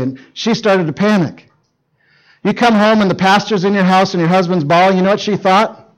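A man's voice: high voice, fairly quick, low-quality recording. A middle-aged male pastor preaching to teenagers, telling a story and acting out the dialogue with urgency. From Canada. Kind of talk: sermon to teenagers.

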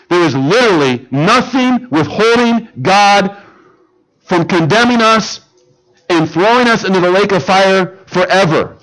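A man preaching an earnest, emphatic sermon to a congregation, often dropping his voice low for emphasis. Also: a bit bright, poor audio.

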